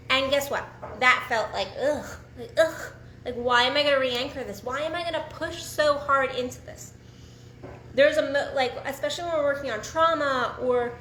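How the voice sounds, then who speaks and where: Woman, high-pitched, bright, frank and profane, casual solo talk, echoey room. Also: slight background noise. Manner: frank and profane, animated, restarts often. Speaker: sex and relationship coach.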